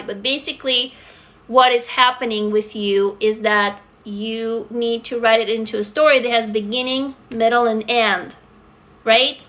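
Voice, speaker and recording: Frank, bright-voiced woman in her forties. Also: fairly high pitch. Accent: foreign, mostly faded. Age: 40s. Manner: candid, swears freely, quick asides to viewers. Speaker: livestream host. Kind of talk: casual live chat answering viewers.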